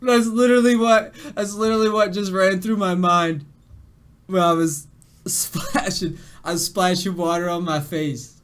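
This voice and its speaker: A man's voice: high voice, fairly even intonation, measured pace, fairly bright tone, smooth. A young man streaming games, his voice shaky after crying, telling a rambling story to his chat with laughs and restarts. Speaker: game streamer. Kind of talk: casual storytelling to a live chat.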